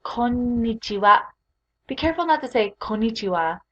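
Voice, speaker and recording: A woman teaching a recorded beginner language lesson, speaking clearly and patiently as she leads repeat-after-me drills. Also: mid-range voice, normal speed, muffled recording. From Utah.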